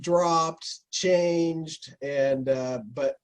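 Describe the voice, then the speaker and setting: A man telling lively anecdotes in a casual interview, slipping into imitations of the people he met. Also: a little high, very slow. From North America. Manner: animated anecdotes, mimics Spanish speakers. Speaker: interview guest. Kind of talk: storytelling in casual conversation.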